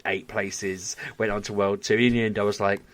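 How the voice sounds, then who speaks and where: Guy on a podcast, lowish voice, chatty and excitable, laughs a lot. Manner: animated storyteller, quick to laugh. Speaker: podcast co-host. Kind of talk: casual chat.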